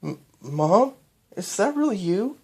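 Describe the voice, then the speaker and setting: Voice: medium pitch, lively intonation, moderate pace, dark tone, voice pushed up, close to an everyday voice. A reader voicing a tender young-adult pony princess in a storybook reading. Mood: surprised.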